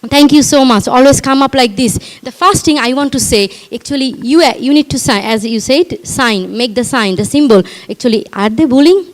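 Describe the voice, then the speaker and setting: A woman's voice: high-pitched, moderate pace, hardly any pauses. A middle-aged woman from Bangladesh with a Bangladeshi accent, speaking as a parenting coach at a live community event. She talks emphatically, with repeated rhetorical questions.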